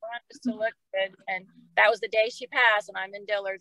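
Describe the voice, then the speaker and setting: Her pitch is medium and her tone steady as this middle-aged woman from Oklahoma tells a podcast a personal story at a brisk pace. She speaks emotionally and casually, repeating words often, in a bright, clear voice. It's recorded dry and close with little room sound, yet the recording is rough.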